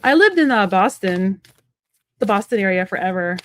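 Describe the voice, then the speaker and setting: A woman giving a live-stream tarot reading from home, talking fast and rambling in a chatty way with many fillers. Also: mid-range voice, expressive. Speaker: psychic medium and tarot reader.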